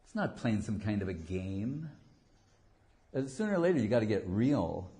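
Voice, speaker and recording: A man's voice: lowish voice, very animated, moderate pace, warm tone. A man giving an informal devotional talk as a spiritual teacher, a digressive storyteller who jokes and acts out quotes. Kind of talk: informal devotional lecture with anecdotes.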